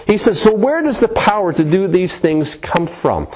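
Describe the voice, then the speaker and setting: A man preaching with real fire, his voice sitting a little high and swinging widely up and down. He acts out the scripture he quotes, sometimes slowing right down for weight and sometimes pushing forward. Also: sing-song. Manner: passionate, dramatic, voicing scripture with shifting tone. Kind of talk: sermon.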